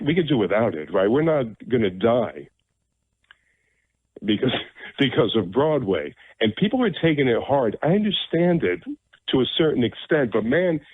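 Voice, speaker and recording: A man's voice: mid-range voice, no room sound. A man hosting a radio talk show, speaking in a blunt, rambling monologue and repeating himself for emphasis. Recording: narrow phone-like radio sound, dry.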